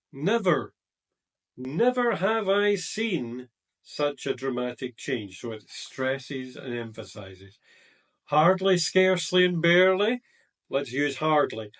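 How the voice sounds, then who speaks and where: A man teaching exam grammar, explaining slowly and deliberately and stressing key words. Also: fairly high pitch, distant mic. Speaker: IELTS teacher.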